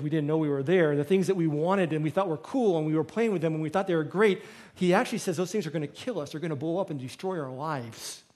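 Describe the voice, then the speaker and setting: A middle-aged man, a pastor, preaching a sermon with lively storytelling and acted-out quotes. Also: sits high. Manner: storytelling, acts out quoted voices.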